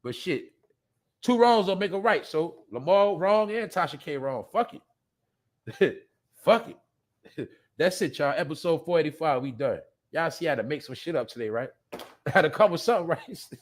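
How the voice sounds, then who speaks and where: A man's voice: a little high, expressive, moderate pace. A man hosting a live show, ranting bluntly and profanely in a rambling way, often laughing. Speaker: podcast host. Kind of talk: casual live-stream rant.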